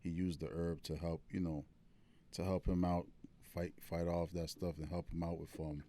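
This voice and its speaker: Podcast co-host, male, very low gravelly voice, dark tone, laid-back casual chat. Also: flat delivery, normal speed. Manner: laid-back, repeats "man" and "you know what I'm saying".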